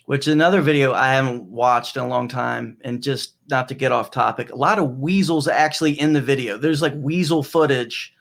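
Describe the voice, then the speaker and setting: Man, podcast co-host, dry wisecracks, casual chat, mid pitch. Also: vocal fry.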